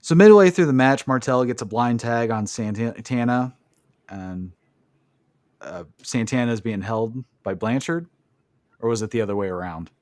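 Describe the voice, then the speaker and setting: A man's voice: mid-range voice, expressive, a little slow, darkish tone, no room sound. A man hosting a podcast, recapping a wrestling match in casual chat and swearing freely. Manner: swears freely, blunt opinions. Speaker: podcast host.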